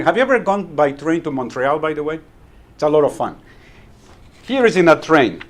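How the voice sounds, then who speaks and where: In a meeting room, a club member gives a humorous speech full of anecdotes, his voice fairly high. He tells stories by acting out the dialogue and chuckles at his own jokes.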